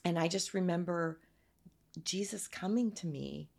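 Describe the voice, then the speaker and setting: A woman telling her personal faith story as an interview guest, earnest and halting, near tears at times. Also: on the low side, gravelly, darkish tone. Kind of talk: emotional personal testimony.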